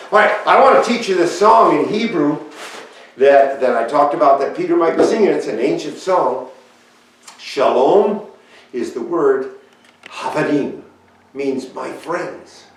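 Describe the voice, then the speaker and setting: A man leading a children's time in church, talking in a gentle, rambling way and searching his notes aloud. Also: fairly high pitch. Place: church sanctuary. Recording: echoey church, voice picked up from far off.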